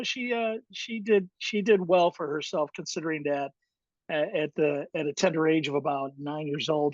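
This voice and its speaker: The guest in this interview is a middle-aged high school baseball coach from Chicago, USA, recounting his story in a reflective way full of fillers and restarts. His voice has a fairly high pitch, and the lo-fi recording carries no room sound.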